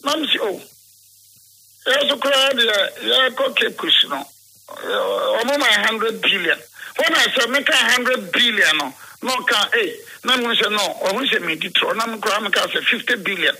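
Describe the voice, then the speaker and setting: A man's voice: high voice, expressive, moderate pace, gravelly, pushed and bright, slightly rough, poor audio. A man with a Ghanaian accent being interviewed, telling a rambling story, switching between English and Twi and acting out the dialogue he quotes.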